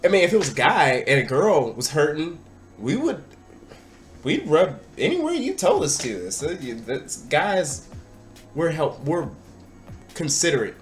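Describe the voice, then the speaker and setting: A young man vlogging, telling a party story in a casual, excitable way and sometimes shouting out what people said. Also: a little high, measured pace, soft background music. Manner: animated, excitable, breaks into loud acted-out quotes.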